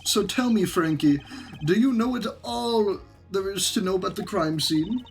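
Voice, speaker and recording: A woman's voice: medium pitch, animated, moderate pace, faint music behind, voice pushed up, natural voice. Woman reading a cool, sardonic male prosecutor. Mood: calm.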